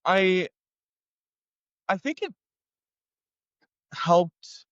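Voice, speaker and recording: Lively storytelling man, crisp and dry. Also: high-pitched, drawn-out words, no room sound, dull audio. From Canada. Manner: animated, acts out others' voices in quotes. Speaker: guest. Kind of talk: casual storytelling.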